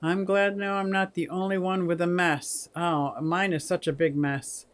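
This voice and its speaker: A woman's voice: fairly low pitch, fairly even intonation, moderate pace. A woman in her sixties hosting a casual livestream, chatty, laughing often and reading viewer comments aloud. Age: 60s. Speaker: aquarium channel host.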